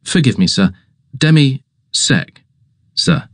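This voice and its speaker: A man voicing an unflappable male valet who speaks in a measured, deferential, deadpan way. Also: fairly low pitch, dry recording, studio quality.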